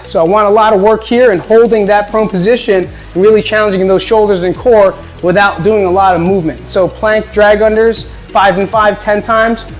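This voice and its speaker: A man's voice: high voice, low-quality recording. A man coaching a home workout, upbeat and encouraging, with a joking streak. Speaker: fitness coach.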